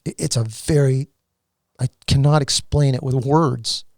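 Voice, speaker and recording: Slow, earnest man sharing testimony. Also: medium pitch, vocal fry, a little mellow, no echo, studio quality. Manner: earnest and halting, with many restarts. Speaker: podcast guest. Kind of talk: emotional personal testimony.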